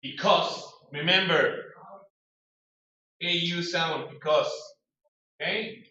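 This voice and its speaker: A man teaching English, drilling pronunciation with brisk corrective commands in a classroom. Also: high voice, lively intonation, bright, forceful tone. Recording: echoey room, distant dull mic.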